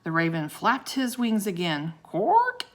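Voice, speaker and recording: A woman reading a children's chapter book aloud in an expressive storytelling manner. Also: lowish voice, moderate pace.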